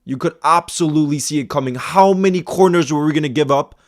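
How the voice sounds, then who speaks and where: A man reacting live to a football match as a fan-channel host, exasperated and ranting, repeating himself, and swinging from loud outbursts to low muttering. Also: fast. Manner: repeats himself, stammering restarts.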